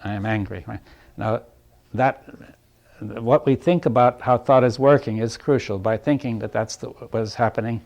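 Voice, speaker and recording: A man giving a reflective spoken talk to a small audience. He often restarts his phrases, checks in with his listeners, and chuckles softly between points. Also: medium pitch, fairly even intonation, normal speed, vocal fry.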